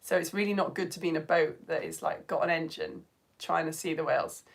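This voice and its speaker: A woman's voice: low-pitched, fairly even intonation, fairly quick, vocal fry. A woman teaching a live online science lesson, chatting with viewers and reading out their comments in a bubbly, playful way, laughing often.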